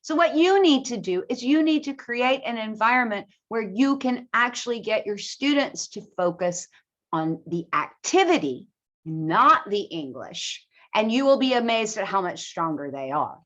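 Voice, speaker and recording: Woman teacher presenting to teachers, emphatic and lively, fairly high voice, dull lo-fi sound. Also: normal speed. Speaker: ESL teacher.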